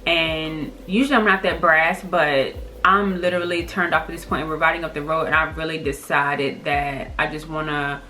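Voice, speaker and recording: A woman with a lowish voice tells a story to her viewers, sassy and blunt, speaking straight into her camera. A faint hum of room ambience sits under her voice. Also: moderate pace. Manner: sassy, blunt and animated, acting out quotes. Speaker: vlogger telling a story. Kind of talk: casual storytime vlog. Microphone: camera's built-in mic.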